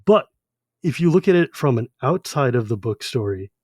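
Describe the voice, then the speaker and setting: A podcast co-host, animatedly retelling a novel and acting out its voices. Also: male voice, medium pitch, animated, moderate pace, darkish tone, husky, no room sound, clean studio sound. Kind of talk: casual chat.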